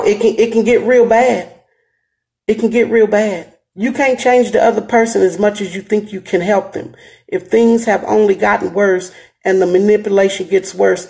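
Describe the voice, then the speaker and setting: A woman's voice: high voice, a little mellow. A middle-aged woman with an African American Vernacular English accent, hosting a live stream and giving earnest advice straight to her viewers, emphatic and repeating her phrases.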